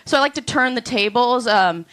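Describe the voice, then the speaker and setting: A woman doing a stand-up comedy set on a club stage, with deadpan, drawn-out punchlines. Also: a little high.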